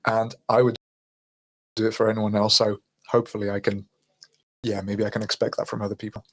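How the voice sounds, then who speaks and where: A man's voice: fairly low pitch, little pitch movement, brisk, fairly bright tone, low-quality recording. A man from Greece chatting casually on a podcast, rambling and laughing a little as he talks. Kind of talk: casual chat.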